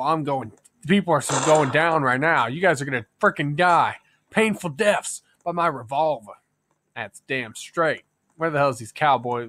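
A man giving gameplay commentary, excitable and swearing, yelling at enemies in mock rage. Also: a little high. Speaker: gaming YouTuber.

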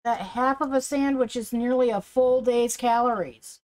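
A woman's voice: fairly high pitch, normal speed, darkish tone. A woman live-streaming a game, chatting in a rambling, blunt way and swearing offhand. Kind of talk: casual live-stream chat.

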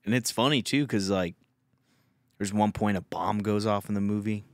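Low-voiced, foul-mouthed podcast host. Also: male voice, moderate pace, dry recording. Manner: profane, rambling storyteller. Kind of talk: casual chat.

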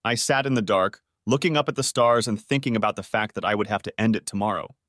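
A man reading a first-person story aloud in a steady, even manner. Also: on the low side, fast, no echo, clean studio sound. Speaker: audiobook narrator.

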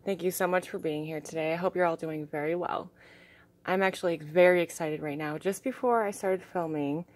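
A young woman vlogging in an excited, gushing way, a little out of breath, sometimes dropping to soft asides. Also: lowish voice, brisk, dry recording. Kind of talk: casual unboxing chat.

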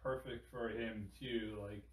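Co-host, man, mid-pitched, loose rambling delivery, roomy sound, set back from the mic. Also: steady tone, measured pace, far from the mic. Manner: rambling, lots of fillers. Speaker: podcast co-host. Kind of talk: casual chat.

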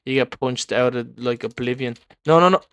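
A young man commenting live on his own gameplay, excitable and repeating words in bursts as he taunts other players. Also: medium pitch, normal speed, clean tone, no echo. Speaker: gaming video creator.

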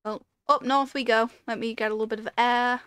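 A woman's voice: fairly high pitch, steady tone, a little fast, a bit bright, smooth, no room sound. A woman giving casual commentary while playing a video game, talking to herself and breaking into panicked repeated pleas. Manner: chatty, rambling storytelling with fillers. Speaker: gaming video creator.

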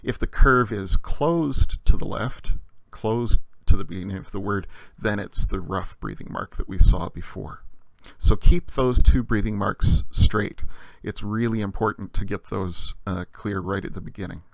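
A man gives a recorded lesson in a patient, explanatory way, often pausing on filler sounds. His voice sits low with a gravelly, creaky texture. The recording is dry and close, with no room sound. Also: dry recording. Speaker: teacher. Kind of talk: recorded language lecture.

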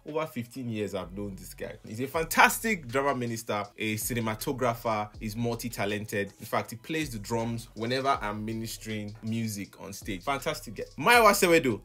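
A man's voice: mid-range voice, pushed and bright. A young adult man and music minister hosting his own vlog, animatedly lamenting with exasperated laughter. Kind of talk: casual vlog reaction.

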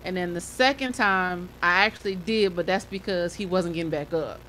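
A mother co-hosting a casual talk show, telling stories in a relaxed way and laughing often. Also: on the low side, normal speed, a little hiss or hum. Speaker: podcast co-host; mother of a football player. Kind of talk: casual chat.

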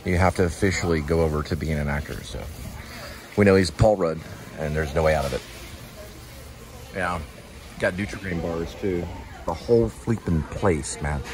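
Low-voiced man chatting in a noisy store. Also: moderate pace, pauses often, a little mellow. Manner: chatty, rambling, joking asides. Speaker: vlog host. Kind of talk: casual chat while sampling food.

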